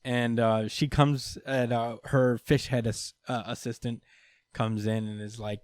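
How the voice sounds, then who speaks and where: A man's voice: medium pitch, little pitch movement, unhurried, a little mellow, smooth, dry recording, studio quality. A man hosting a podcast, recapping comic books in a loose, chatty way, swearing freely and laughing between lines. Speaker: podcast host. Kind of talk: casual comic book recap.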